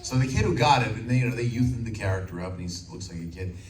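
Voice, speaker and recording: A man in his sixties, a voice actor telling animated stories on a convention panel and slipping into character voices. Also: lowish voice, very fast, a little hiss or hum. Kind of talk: anecdotal panel storytelling. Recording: echoey hall from far off, loud crowd.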